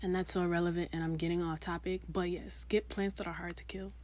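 A young woman vlogging in a casual, chatty way, animated and rambling, full of asides and restarts. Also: lowish voice, fast. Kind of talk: casual chat to camera.

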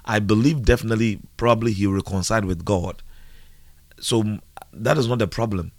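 A man preaching a live radio sermon, slow and earnest, repeating key phrases. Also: lowish voice, no room sound.

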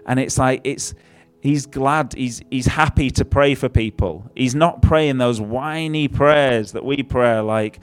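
Conversational preacher, wry asides. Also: male voice, mid-range voice, fairly even intonation, measured pace, clean tone. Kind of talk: sermon.

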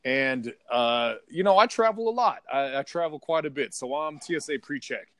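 A man's voice: a little high, lively intonation, moderate pace, fairly bright tone, no echo. A man co-hosting a podcast, telling a heated, profane story in casual chat. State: partly deaf in left ear. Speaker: podcast co-host.

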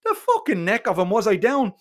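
A man with an Irish accent telling a comic first-person story in a profane, colloquial and animated way. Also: sits high, brisk. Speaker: narrator.

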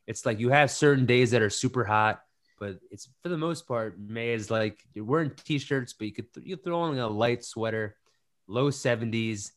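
A man hosting a casual chat, playful and animated, repeating phrases for comic emphasis. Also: mid-range voice, moderate pace. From New Jersey. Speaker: podcast host.

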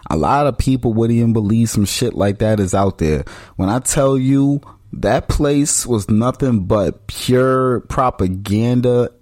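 A man's voice: mid-range voice, measured pace, a little mellow, no echo, clean studio sound. A man co-hosting a podcast in loose, slangy casual chat. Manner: loose, slangy, laid-back. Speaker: podcast co-host.

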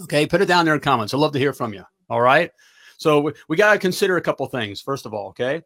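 A man's voice: on the high side, lively intonation, fast, fairly bright tone. Upbeat middle-aged man coaching live. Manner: emphatic, repeats "all right?" to check in. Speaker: plumbing business coach and livestream host. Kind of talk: energetic livestream pep talk.

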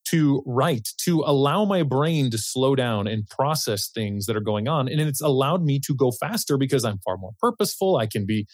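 A man's voice: mid-range voice, darkish tone, breathy edge, no echo. A man who is a financial planner, speaking as an interview guest, thoughtful and sometimes searching for words. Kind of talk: casual interview chat.

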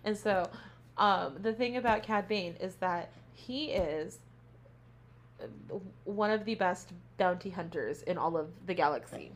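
A woman's voice: on the low side, measured pace. A woman co-hosting a casual podcast, animatedly recapping a show and acting out the characters' lines, with plenty of swearing. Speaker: podcast co-host; teacher.

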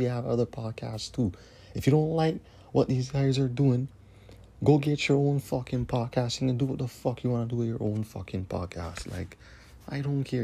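A man delivers a furious, profanity-laden podcast rant. His voice is dark and husky, sitting at an ordinary pitch. He hammers the same lines over and over. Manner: angry, repetitive, cursing. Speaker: podcast host. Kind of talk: profane ranting monologue.

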